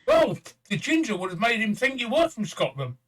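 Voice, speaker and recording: A man hosting a casual chat, asking quick teasing questions. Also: high voice, big pitch swings, a bit bright. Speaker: stream host.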